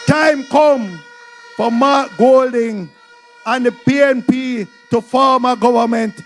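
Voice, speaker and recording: A man's voice: very high voice, takes it slowly, fairly bright tone, soft background music. A Jamaican man giving a fiery campaign rally speech, repeating his slogan and calling out to the crowd. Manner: fiery, repeating "time come". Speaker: political speaker. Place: outdoor political rally with music.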